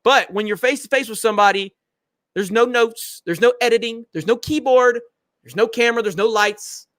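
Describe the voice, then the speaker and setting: Blunt, bright-voiced male host. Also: very high-pitched, normal speed, no echo, clean studio sound. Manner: blunt, confrontational, profane. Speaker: show host. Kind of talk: casual livestream chat.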